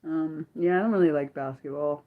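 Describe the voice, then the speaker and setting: A woman's voice: deep voice, brisk, phone-quality sound. A young woman hosting a casual livestream, chatting with her viewers, often laughing and apologizing. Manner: talks straight to chat viewers by name. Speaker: livestream host.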